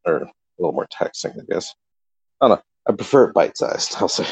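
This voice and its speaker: A man co-hosting a casual gaming podcast, husky and hesitant, filling his talk with agreeing yeahs. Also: low voice, expressive, quick pace, darkish tone, dry recording. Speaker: podcast co-host.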